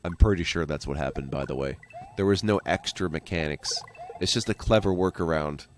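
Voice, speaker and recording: A man's voice: deep voice, brisk, slight background noise. A man giving casual, rambling gameplay commentary as a let's play host, joking and going off on tangents.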